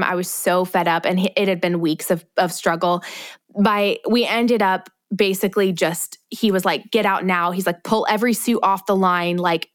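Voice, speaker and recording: A woman's voice: mid-range voice, no echo, studio quality. A woman co-hosting a podcast, casually telling a story and acting out the voices of the people in it. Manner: animated storytelling, acts out quoted voices. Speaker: podcast co-host.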